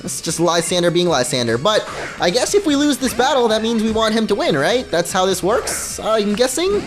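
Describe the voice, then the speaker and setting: Goofy, high-pitched gameplay host man. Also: normal speed, music in the background. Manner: goofy, joking, excitable. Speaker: let's play host. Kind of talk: gameplay commentary.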